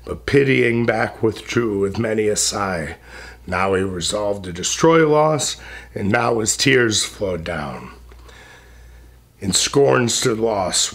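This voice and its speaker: A man reciting epic poetry in a solemn, measured way. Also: fairly low pitch, a bit bright.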